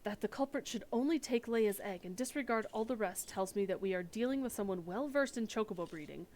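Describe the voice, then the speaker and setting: A woman's voice: medium pitch, animated, a little fast, darkish tone, a little hiss or hum, close to an everyday voice. Woman reading as a formal, earnest nobleman breeder. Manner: formal old-fashioned speech. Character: formal anxious male noble chocobo breeder.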